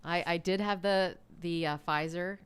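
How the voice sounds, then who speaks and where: A woman's voice: on the low side, steady tone, a little slow, clear, resonant tone. A woman appearing as a guest on a talk panel, speaking frankly with a wry edge.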